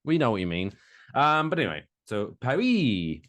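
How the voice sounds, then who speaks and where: Animated, sweary male podcast host. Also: mid-range voice, normal speed, no echo. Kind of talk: casual chat.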